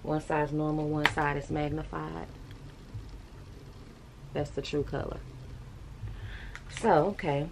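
A woman's voice: low voice, level tone, slow pace, creaky, long pauses, darkish tone, a little hiss or hum. A woman, chatting bluntly and casually to her viewers in a vlog, with laughing asides. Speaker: vlogger.

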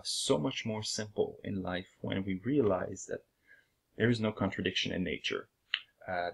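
Low, gravelly man with a French accent. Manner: hesitant, many fillers, uneven pace. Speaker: channel host. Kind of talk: casual explanatory monologue.

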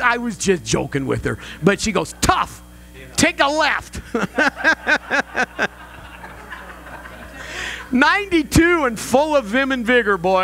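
A man's voice: high voice, creaky, sharp tone, low-quality recording. An older male pastor preaching a sermon, telling family stories with humor and rising emphasis. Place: church sanctuary.

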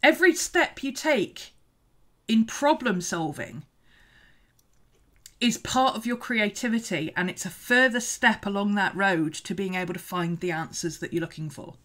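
A woman's voice: medium pitch, lively intonation, a little slow, a bit bright. A woman hosting a casual art livestream, chatting and greeting viewers, laughing often. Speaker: art teacher and livestream host.

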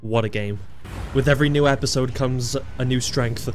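A young man giving casual gameplay commentary as a video host, excitable and sweary, laughing often and yelping at surprises. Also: mid-range voice, moderate pace, faint music behind.

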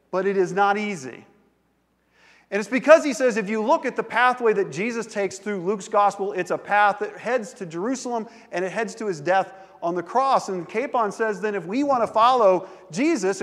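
A man preaching a sermon as pastor, in a conversational, animated way, drawing in the congregation. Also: high voice, big-room sound. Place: large church sanctuary.

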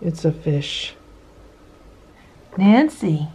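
Woman doing a chatty cat vlog at home, lowish voice, kinda gravelly. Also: normal speed, mellow. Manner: chatty, talks to the cats in a high coaxing voice. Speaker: cat vlogger. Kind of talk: casual vlog narration. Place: indoor room with cats.

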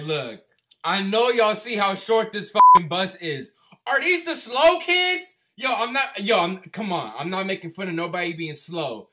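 A young man roasting cartoons in excitable, swearing commentary. His voice is bright and very lively, jumping around in pitch as he mocks and jokes. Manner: loud, mocking, swearing, excitable, slangy. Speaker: YouTube commentator. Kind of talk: profane comedic commentary over cartoons.

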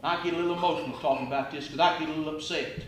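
A man preaching an impassioned sermon in a church, firing rhetorical questions and swinging from hushed tones to near-shouts. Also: a little high, fairly even intonation, very fast, heavy background noise. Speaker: evangelist preacher. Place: church auditorium. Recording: echoey church room with faint ambience.

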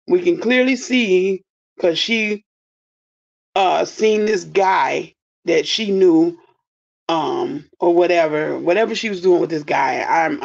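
A woman in her fifties talks straight at her viewers in an indignant, blunt way and swears freely. Her voice is gravelly and a little husky. The audio sounds dull and lo-fi. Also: lowish voice, a little mellow. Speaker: commentary vlogger. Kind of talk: casual commentary.

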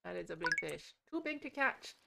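A woman's voice: on the low side, big pitch swings, brisk, creaky, background noise. A woman co-hosting a game stream, making playful, teasing remarks about the game. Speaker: stream co-host. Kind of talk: casual gameplay commentary.

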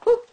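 A woman at home coaxing her pet in sing-song baby talk, with frequent gasps and laughs. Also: lo-fi sound. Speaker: pet owner talking to her bird. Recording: noisy home camera recording.

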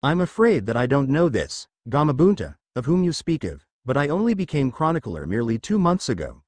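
A proud, wise old dragon speaks slowly and formally, as a man voices him. He sounds calm and dignified, lending a lively lilt to his storybook reading. The audio is dry and close. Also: medium pitch, no room sound.

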